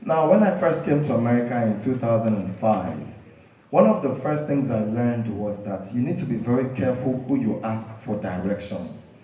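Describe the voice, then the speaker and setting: A man's voice: mid-range voice, mellow. A young man with a Nigerian accent, hosting a live show and telling comic stories with punchlines. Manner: storytelling with punchlines, playful. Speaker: emcee and stand-up host. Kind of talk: stand-up comedy at a live show. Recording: very echoey hall from far off.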